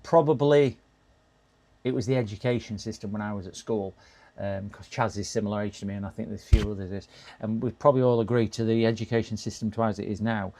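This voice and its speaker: Gravelly man chatting on stream. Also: fairly low pitch, fairly even intonation, fast talker, dark tone. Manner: chatty, talks to chat while working, frequent restarts and laughs. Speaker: live-stream repair streamer. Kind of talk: casual live-stream chat.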